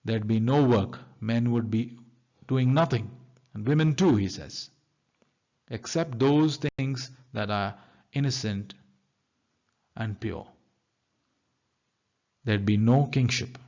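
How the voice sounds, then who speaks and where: Brief: male teacher with an Indian English accent, mid pitch, explains text line by line, muffled lo-fi recording. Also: slow, pauses often, mellow. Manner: explains line by line, paraphrasing in plain words. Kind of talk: literature lecture, reading and paraphrasing lines. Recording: dull lo-fi recording.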